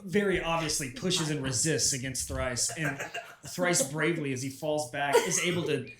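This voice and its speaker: A man's voice: on the high side, normal speed, echoey room, crowd noise. A man running a tabletop game as game master, narrating loosely with restarts and laughs.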